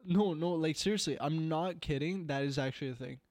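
A man's voice: on the high side, brisk, a little mellow, no echo, studio quality. A man from Canada chatting casually with friends, rambling with lots of "like" and restarts. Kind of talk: casual chat.

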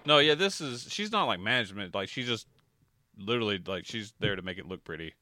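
Bright, lively young man telling stories. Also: fairly low pitch, a little fast. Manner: storytelling, laughing, acts out quoted voices. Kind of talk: casual chat.

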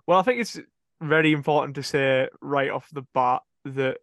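A man's voice: medium pitch, moderate pace, fairly bright tone, no room sound, clean studio sound. A man co-hosting a casual football podcast, reading out transfer rumours and correcting his own slips. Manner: rambling, self-correcting, laughing at own slips.

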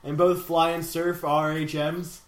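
A young man co-hosting a casual gaming podcast, chatty and animated, stretching out names slowly when he reads league standings. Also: a little high, slight background noise. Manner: animated, slow announcer drawl for standings. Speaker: podcast co-host. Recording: echoey room.

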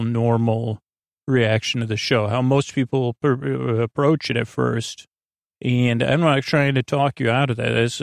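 A man hosting a sleep podcast, talking slowly in a creaky voice and drifting off into tangents full of filler. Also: mid-range voice, no room sound, studio quality. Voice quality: creaky, meandering. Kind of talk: rambling bedtime monologue.

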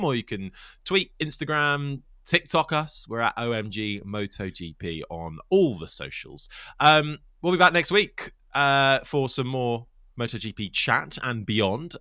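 Bright, lively male podcast co-host. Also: medium pitch, no room sound, studio quality. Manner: quick, teasing, wraps up the show. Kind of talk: casual chat.

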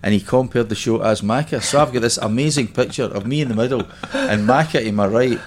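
A Scottish man in his fifties tells rambling stories in a casual podcast chat, often breaking into laughter. His voice sits at an ordinary middle pitch. Faint room noise hums behind him. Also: fairly quick. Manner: chatty storyteller, laughs easily. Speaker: podcast guest.

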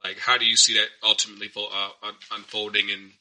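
Bright-voiced man, rambling questions. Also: lowish voice, little pitch movement, quick pace, rough recording. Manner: laughs often, rambling questions. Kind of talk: casual chat.

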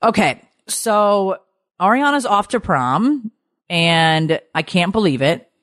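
Animated storytelling woman, dry mic. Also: takes it slowly, no echo. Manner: animated storyteller, swears, jumps high for quoted lines. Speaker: podcast co-host. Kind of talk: casual chat.

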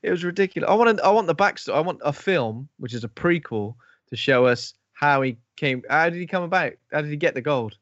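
A man's voice: a little high, expressive, brisk, few pauses, fairly bright tone, no room sound, dull audio. A man co-hosting a casual chat, making mocking, incredulous remarks about a film. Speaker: podcast co-host.

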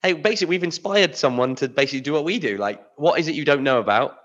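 A man's voice: on the high side, lively intonation, very fast, a bit bright, dull audio. A British-accented man co-hosting a podcast, chatting with enthusiasm and loose, easygoing phrasing. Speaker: podcast co-host. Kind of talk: casual chat.

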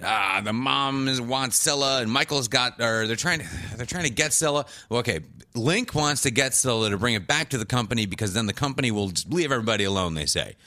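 A man's voice: medium pitch, expressive, a little fast, few pauses, sharp tone, dry recording. A man casually recapping a TV show on a podcast, rambling, swearing and laughing often. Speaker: podcast co-host.

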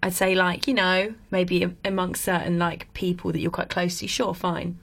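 A woman's voice: lowish voice, flat delivery, normal speed, creaky, fairly bright tone. Thoughtful woman in casual chat. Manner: thoughtful, searching for words.

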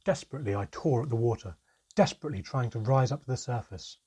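A man's voice: medium pitch, fast, mellow, husky. A man reading a first-person adventure story aloud in a dramatic storytelling manner. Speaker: narrator. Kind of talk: audiobook narration.

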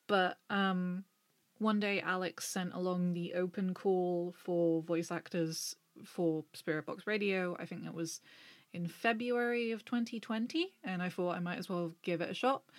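Woman, voice actor, friendly, rambling, lowish voice, dry close sound. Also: no echo. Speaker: audio drama voice actor. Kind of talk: casual interview answers.

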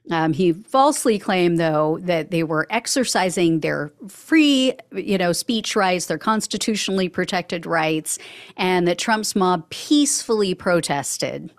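A woman's voice: lowish voice, no room sound. Wry woman hosting a news show. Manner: wry, sarcastic asides. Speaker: podcast host. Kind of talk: news commentary reading quotes.

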